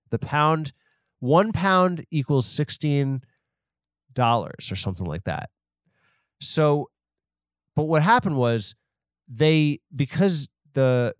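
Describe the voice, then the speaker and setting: A man's voice: mid-range voice, dry recording, clean studio sound. A man hosting a podcast, rambling through an off-the-cuff comedic story and mocking himself as he goes. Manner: self-deprecating, rambling, off the cuff. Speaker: podcast host.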